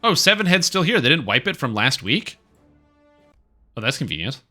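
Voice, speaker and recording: Guy streaming games, rambly and opinionated, bright sharp tone, chatty. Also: mid-range voice, very animated, normal speed, faint music behind. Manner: rambling, offhand and opinionated, with frequent fillers. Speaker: game streamer. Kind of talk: casual live-stream commentary.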